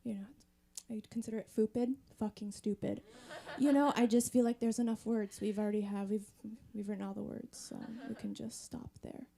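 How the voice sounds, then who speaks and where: A woman's voice: medium pitch, fairly even intonation, fairly quick, creaky, mellow. A woman in her thirties doing a chatty, wry stand-up set on a comedy club stage. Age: 30s. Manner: conversational, wry, chatty with the audience.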